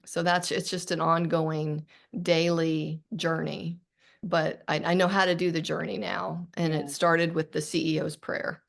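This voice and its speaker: A woman's voice: low-pitched, flat delivery, a little slow, gravelly. A middle-aged woman, an author guest on a podcast interview, talking earnestly and reflectively with frequent restarts.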